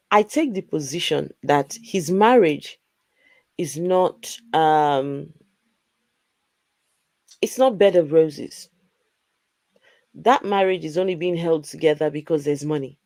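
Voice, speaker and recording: A woman's voice: low voice, expressive, takes it slowly, long pauses, warm tone, no room sound. A woman hosting a casual live stream, blunt and exasperated as she comments to her co-host.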